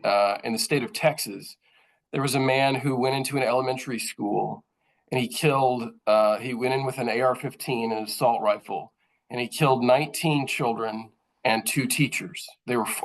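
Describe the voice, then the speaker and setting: A man's voice: medium pitch, poor audio. A man, a journalist giving a thoughtful, earnest presentation to other journalists, with frequent fillers and restarts. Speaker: journalist speaking at a training session.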